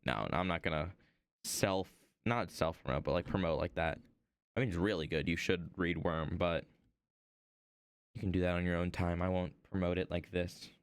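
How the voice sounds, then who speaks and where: A man's voice: low-pitched, steady tone, normal speed, clear, resonant tone, dry recording, studio quality. A young man streaming while he works on an art piece, rambling casually and playfully as if half talking to himself. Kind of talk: casual chat while working.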